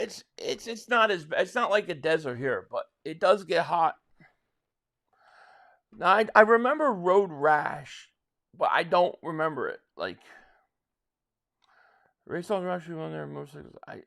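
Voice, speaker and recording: A man from South Jersey, near Philadelphia, hosting a casual live stream. His voice sits fairly high for a man. He rambles through viewer comments in loose, chatty talk and often restarts his sentences. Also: very animated, moderate pace, creaky, pauses often, a bit bright.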